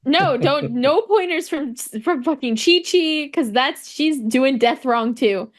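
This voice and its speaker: A woman's voice: high voice, takes it slowly. A woman co-hosting a podcast, playful and joking, swearing freely in casual banter. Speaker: podcast co-host. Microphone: podcast microphone.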